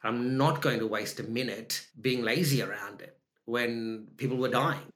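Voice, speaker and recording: A man with an Australian accent, an actor telling his story in a candid interview, animated and emphatic, acting out his own thoughts. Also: mid-range voice, unhurried. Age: adult with young children. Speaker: actor and podcast guest. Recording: roomy echo.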